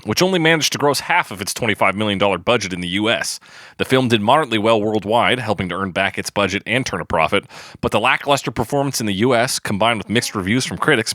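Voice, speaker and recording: Bright, playful male podcast host. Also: fairly low pitch, no room sound, studio quality. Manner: playful, jokey banter. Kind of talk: scripted narration and casual chat.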